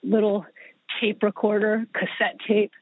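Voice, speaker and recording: Speaking at a measured pace with a flat, medium-pitched delivery, a woman guests on a podcast and tells long, chatty stories about her family's music, full of fillers and restarts. It's casual interview storytelling, and the recording is dry, husky, and phone-like.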